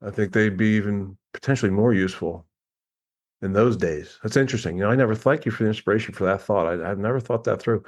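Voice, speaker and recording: A man's voice: lowish voice, fast talker. A man speaking as a guest coach in a casual podcast conversation, telling stories with lots of laughter and little impressions of people. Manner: animated storyteller, laughs often, mimics people.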